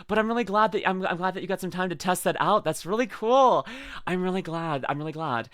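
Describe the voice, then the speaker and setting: This young Canadian woman, a VTuber with a Canadian accent, chats casually with viewers on her livestream, bubbly and giggly, calling people darling and bud. Her voice is on the low side, expressive, clear and resonant, fairly quick, with no echo.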